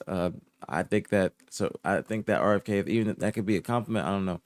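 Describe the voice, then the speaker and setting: Young man, soft-spoken streamer, laid-back casual chat, repeats himself, dry close mic. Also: fairly quick, dry recording. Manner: drifts between low murmurs and higher indignant outbursts. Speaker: streamer reporting esports news. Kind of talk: casual live-stream chat, reading and answering chat.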